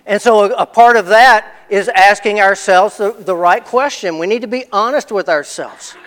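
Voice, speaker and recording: Pastor guy preaching casual, high clear voice, repeats stuff for emphasis, big echoey church. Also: moderate pace, fairly bright tone. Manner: storytelling, repeats phrases for emphasis. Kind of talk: conversational sermon. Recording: long reverb of a large hall.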